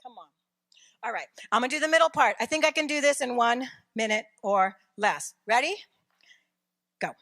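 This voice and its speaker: A middle-aged woman preaching a sermon, telling a lively personal story and shouting at its dramatic moments. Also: a little high, normal speed, pauses often, no echo.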